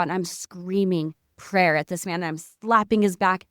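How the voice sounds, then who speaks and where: A woman guest on a podcast, telling a story in excitable casual chat with lots of "like" and spiritual talk. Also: fairly low pitch, measured pace, clear, resonant tone, no room sound, studio quality.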